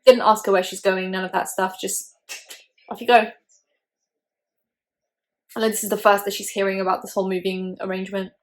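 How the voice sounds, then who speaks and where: Young female vlogger, casual and opinionated, mid-pitched, talking over a film. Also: flat delivery, fairly quick, pauses often. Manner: chatty, opinionated, lots of "like". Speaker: YouTuber host. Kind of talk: casual movie reaction commentary.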